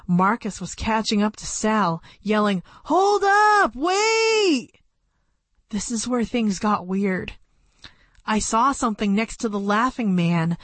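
This audiobook narrator is a woman with a medium-pitched voice, recorded close to a studio mic with no room sound. She reads a first-person story aloud in a plain, measured storytelling manner.

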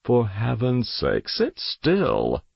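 A man's voice: medium pitch, wildly swooping pitch, drawn-out words, vocal fry, husky, no echo, lo-fi sound, pitched above the performer's own voice, full character voice. A man reading a storybook voices a stern, dismissive father who gives curt orders.

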